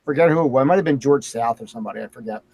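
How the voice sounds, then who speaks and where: A man's voice: medium pitch, very fast, gravelly, darkish tone, no room sound. A man hosting a casual talk show, telling a story with lots of animation. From Philadelphia area. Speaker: host. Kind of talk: casual chat.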